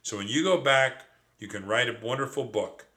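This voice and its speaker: An eager young mouse nephew with a squeaky, gushing voice, as a man puts him on. He talks in an excited rush, and the tone stays bright and forceful. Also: moderate pace, close to an everyday voice.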